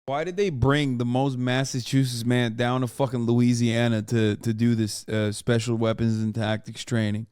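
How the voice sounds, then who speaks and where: A man's voice: medium pitch, little pitch movement, normal speed, few pauses, darkish tone, clean tone, no echo, studio quality. A male streamer giving casual, profane, incredulous commentary as he reacts to a show.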